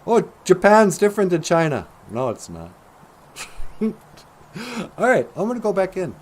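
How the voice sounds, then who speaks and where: A man's voice: high voice, sing-song, measured pace, a little hiss or hum. A middle-aged man hosting a livestream show, rambling casually and joking, chuckling at his own asides.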